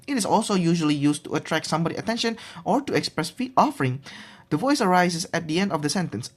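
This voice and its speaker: A young man giving a recorded class presentation on pronunciation. He talks haltingly, restarts often and draws out his example words. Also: high voice. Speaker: student presenting a pronunciation assignment.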